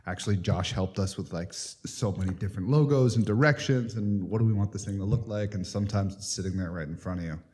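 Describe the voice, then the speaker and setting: A man's voice: fairly low pitch, quick pace, few pauses, darkish tone. A man hosting a podcast in casual chat, laughing along and chiming in with jokes. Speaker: podcast host.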